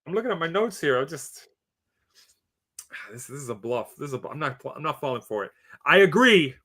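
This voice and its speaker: A man co-hosting a casual podcast of wrestling predictions, talking in an animated way with theatrical reveals. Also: a little high, brisk. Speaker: podcast co-host.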